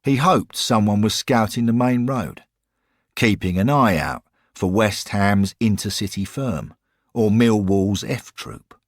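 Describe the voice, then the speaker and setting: A man narrating a scripted audio story in a measured way. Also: lowish voice, expressive, dry recording, studio quality.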